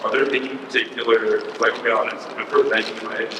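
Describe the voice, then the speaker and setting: A man's voice: lowish voice, level tone, quick pace. A man in a convention audience asking a question, hesitant with lots of fillers. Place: large convention hall. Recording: roomy hall from far off, loud noise.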